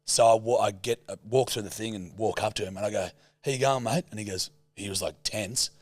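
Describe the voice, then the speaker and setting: Swearing constantly, a man co-hosting a podcast recounts a road rage episode with lively energy during a casual chat. He speaks fairly fast in a fairly low voice, with no room sound.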